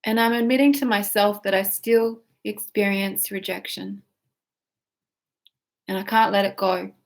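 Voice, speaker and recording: Woman practitioner, slow guiding delivery, yawns and breathing cues. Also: mid-range voice, level tone, vocal fry. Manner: slow, guiding, with yawns and whiny repeated phrases. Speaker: tapping practitioner. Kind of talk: guided tapping session.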